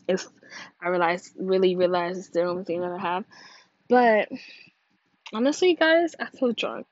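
A young woman from California talks loosely through a solo gossip podcast, high and drowsy, cursing as she rambles. Her voice jumps from loud to a low mumble. The recording is dry and a little dull. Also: dry recording. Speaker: podcast host. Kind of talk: casual gossip podcast monologue.

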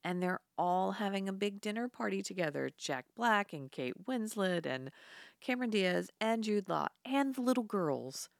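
A woman's voice: mid-range voice, expressive, normal speed, creaky, dry recording, clean studio sound. A woman co-hosting a casual chat, retelling a film's plot with laughs and casual swearing. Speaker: podcast co-host. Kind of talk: casual film recap chat.

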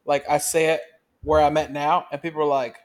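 A man co-hosting a podcast in casual chat, with a voice a touch higher than most men's. He tells his stories animatedly and swears heavily. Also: a little fast. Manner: animated storyteller, heavy swearing. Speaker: podcast co-host.

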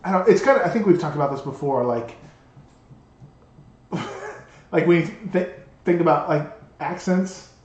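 A man's voice: on the high side, moderate pace, long pauses. A man in his thirties co-hosting a podcast, chatting casually and telling rambling stories with lots of restarts. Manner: rambling, animated storytelling with many restarts. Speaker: podcast co-host. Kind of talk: casual chat. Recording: echoey room, dull lo-fi sound.

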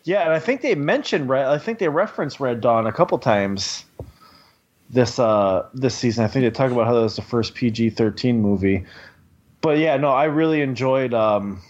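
A man's voice: medium pitch, lively intonation, normal speed, lo-fi sound. A man co-hosting a casual podcast, joking crudely and swearing freely. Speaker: podcast co-host. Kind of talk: casual chat.

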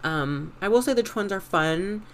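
A man's voice: sits high, a little slow. A young man hosting a casual, unedited podcast, rambling through stories with lots of fillers and casual swearing. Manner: lively, animated retelling. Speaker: podcast host.

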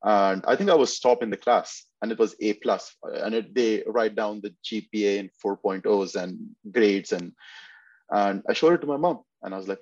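Telling lengthy stories as a guest on a podcast, this bodybuilder keeps things casual, often restarting and using fillers. He speaks at normal speed with a low-ish, darkish voice. The recording sounds dull, with no echo.

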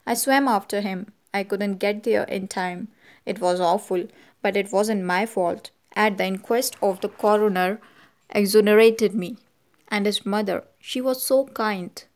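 A woman's voice: mid-range voice, steady tone, measured pace, close to an everyday voice. A woman reading the part of a young governess who speaks in a trembling, pleading voice. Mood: distressed.

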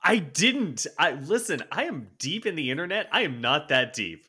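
A man's voice: on the high side, very animated, moderate pace, sharp tone. A man co-hosting a podcast, reading news items aloud with sarcastic, wry asides in a casual chat. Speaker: podcast co-host.

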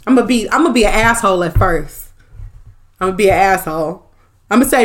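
A woman's voice: mid-range voice, a little fast. A young woman hosting a podcast, chatting casually with live viewers, joking and swearing and laughing often. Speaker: podcast host.

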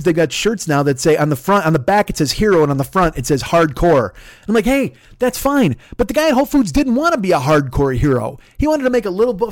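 A man's voice: high-pitched, no echo, studio quality. A middle-aged American man, a podcast host, ranting in a sarcastic, profane, heated monologue. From United States.

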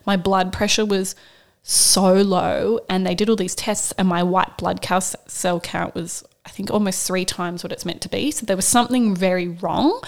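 Candid woman, rambling storyteller. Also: medium pitch. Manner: candid, rambling, many fillers and "like". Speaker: podcast co-host. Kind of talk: casual storytelling chat.

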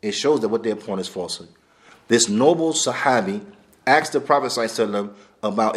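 A man teaching a class on hadith, talking bluntly and casually with lively asides, dropping Arabic terms into his English. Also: fairly low pitch, fast. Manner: animated, blunt street-style talk, laughs, mixes in Arabic terms. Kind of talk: lecture on hadith.

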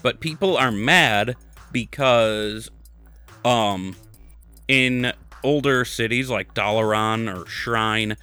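A man's voice: medium pitch, slow pace, bright, forceful tone, smooth, dry recording, faint music behind. A man in his thirties hosting a podcast, talking bluntly and joking with some swearing. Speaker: podcast host. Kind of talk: casual chat and game news.

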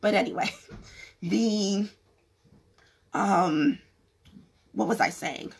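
A woman's voice: mid-range voice, extremely slow, vocal fry, slightly rough. A woman losing her voice, talking frankly to camera about business, rambling with many restarts. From California. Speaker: vlogger giving business advice. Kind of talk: casual talk to camera.

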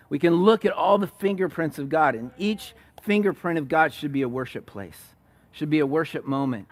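A male pastor delivering a sermon in a voice pitched a little high. He retells the story with animated energy, acting out the quotes and stumbling into restarts as he goes. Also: moderate pace.

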